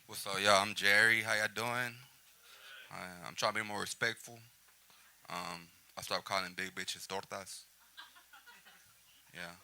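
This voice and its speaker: A man's voice: lowish voice, fairly even intonation, measured pace, gravelly, long pauses, sharp tone, a little hiss or hum. A man doing a stand-up set in a comedy club, chatting with the crowd between one-liners. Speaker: stand-up comic.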